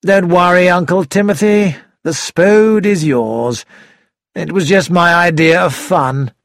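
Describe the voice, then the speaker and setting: A man's voice: high voice, takes it slowly, no room sound, studio quality, pitched above the performer's own voice. A man voicing a teasing young man who mocks his relatives in a read-aloud story. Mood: mocking.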